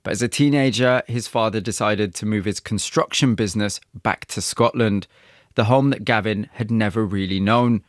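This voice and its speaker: A man hosting a radio interview program, narrating with a measured storytelling delivery and questioning a guest. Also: on the low side, no room sound, clean studio sound. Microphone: studio microphone.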